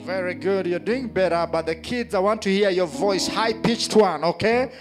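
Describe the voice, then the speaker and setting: Male pastor, high voice, builds to shouted call-and-response over soft music. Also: normal speed. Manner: rousing call-and-response preaching, rising to shouts. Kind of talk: sermon. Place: church. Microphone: handheld mic.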